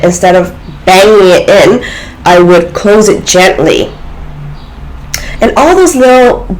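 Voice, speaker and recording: A woman's voice: medium pitch, rough recording. A woman vlogger talking to her viewers in an earnest, reflective way, with many fillers and restarts. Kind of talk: casual spiritual talk to camera.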